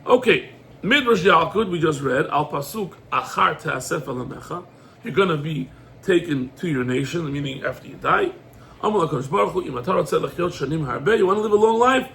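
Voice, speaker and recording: High, gravelly-voiced rabbi teaching a class. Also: male voice, a little fast, a little hiss or hum. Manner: animated storyteller, acts out dialogue, rhetorical questions. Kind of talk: lively Torah class, mixing English with Hebrew quotes.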